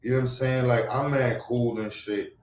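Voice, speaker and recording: Man, streamer, rambling chat that jumps from loud outbursts to muttering; mid pitch, a bit off mic in an echoey room. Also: fairly even intonation, normal speed, recorded from a distance. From Brooklyn, New York. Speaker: livestream host. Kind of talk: casual livestream chat.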